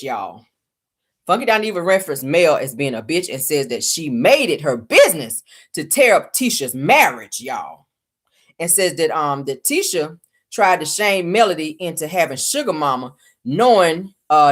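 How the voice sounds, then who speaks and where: A sassy woman hosting her own commentary channel, with a low voice that swings widely as she talks. She is blunt and speaks straight to her viewers in a casual, gossipy way. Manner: sassy, blunt, addresses viewers as "y'all" and "baby".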